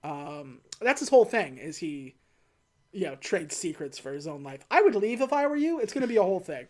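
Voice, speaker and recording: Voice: mid-range voice, very animated, a little fast, a little mellow. A podcast co-host casually recapping a film plot, quoting the characters in an offhand way. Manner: retells scenes by quoting characters in a loose, offhand way.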